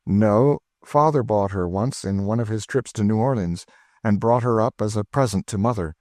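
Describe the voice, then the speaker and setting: A man voicing an earnest, frank young gentleman from Kentucky. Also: fairly low pitch, moderate pace, no echo, clean studio sound, pitched above the performer's own voice, lightly acted.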